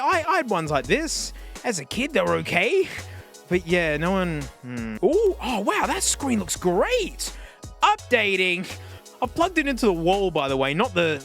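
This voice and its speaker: A man, reviewing old music players on camera in a casual, excitable way, laughing and talking to the device. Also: high voice. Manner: excitable, animated, laughs often, talks to the device. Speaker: tech YouTuber.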